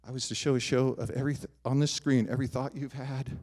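Brief: middle-aged male pastor, mid-pitched voice, animated sermon delivery with loud peaks and hushed asides. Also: fast talker. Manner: animated preaching, rising loud on emphatic lines, dropping soft on personal asides. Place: church sanctuary.

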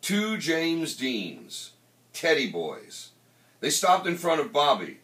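A male author reading his own novel aloud in an animated, emphatic way. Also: on the high side, takes it slowly. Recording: roomy, distant mic.

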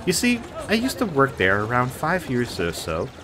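A man's voice: medium pitch, wildly swooping pitch, normal speed, background noise. A man putting on a fed-up woman dressmaker. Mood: exasperated. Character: female Parisian dressmaker, exasperated, scheming.

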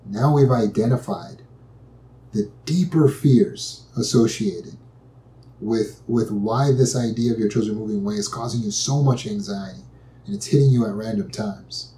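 A man calmly and patiently teaching a step-by-step method for overcoming anxiety, repeating key phrases as he explains. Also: fairly low pitch, moderate pace. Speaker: anxiety and trauma recovery teacher. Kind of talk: instructional talk. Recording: echoey room.

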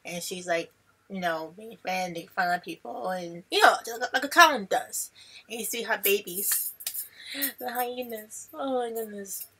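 Gushing, excitable woman reacting. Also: medium pitch, measured pace, breathy edge. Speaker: trailer reaction vlogger.

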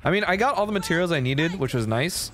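A young man chats casually while streaming a game, rambling, cursing and venting at his teammates. His voice sits fairly high and jumps around lively in pitch. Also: quick pace, faint music behind. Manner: rambling, swearing, frustrated venting. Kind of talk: casual gaming chat.

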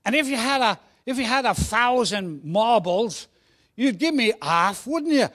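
A man voicing an eager young Cockney boy, in a put-on Cockney accent, pleading loudly. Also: very high-pitched, animated, unhurried, pitched above the performer's own voice, exaggerated voice. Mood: wheedling.

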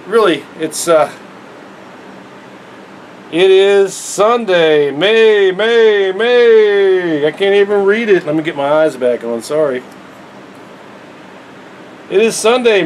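A man's voice: fairly high pitch, fairly bright tone, a little hiss or hum, low-quality recording. Man giving a rambling, preachy monologue. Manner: earnest and preachy, with chuckles. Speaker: vlogger.

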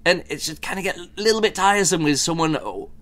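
A man's voice: a little high, lively intonation, fast, a bit bright. A man hosting a podcast, giving a casual spoken book review in a rambling way, with many fillers and restarts, now and then mimicking characters mockingly.

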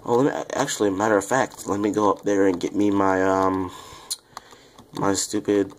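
A young man with a lowish, quiet voice that seems to drift away from the microphone, chatting loosely to his viewers as he plays. He rambles, apologizes, and pokes fun at himself. Faint keyboard clicks tick along beneath him. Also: little pitch movement, normal speed, a little hiss or hum. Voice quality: low, quiet voice that sounds off-mic. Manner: rambling, self-deprecating, chatty asides to viewers. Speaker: gaming YouTuber. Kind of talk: casual Let's Play commentary.

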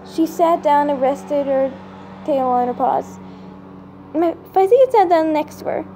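A woman reading her own fan story aloud, halting now and then to restart and fix words. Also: high-pitched, mellow, slight background noise. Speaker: storybook reader.

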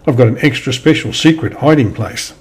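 A man voicing an excitable young female squirrel in a storybook, high and fretful. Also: lightly acted. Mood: playful. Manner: high and fretful, quick to wail.

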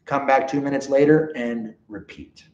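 A man leading a live dog training seminar, animated and often checking in with his listeners. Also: mid-range voice, moderate pace. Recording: roomy, dull lo-fi sound.

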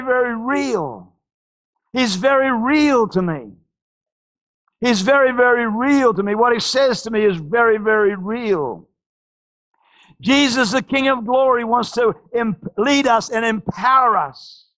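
A man preaching a charismatic church sermon, fervently shouting praises and repeating phrases. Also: extremely high pitch. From Australia. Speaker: pastor. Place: church service.

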